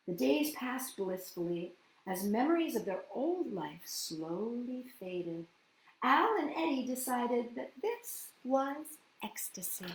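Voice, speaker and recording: A woman hosting a children's story reading, gentle and sing-song, often asking her listeners questions. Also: a little high, slight background noise. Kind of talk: children's storybook read-aloud. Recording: roomy echoey room.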